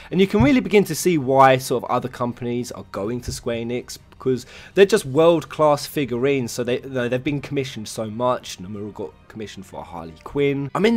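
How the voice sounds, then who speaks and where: Excitable young man, lively. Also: mid-range voice. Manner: swears freely, stumbles over words when excited. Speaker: vlogger showing his figure collection. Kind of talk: excited casual vlog. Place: home room with shelves.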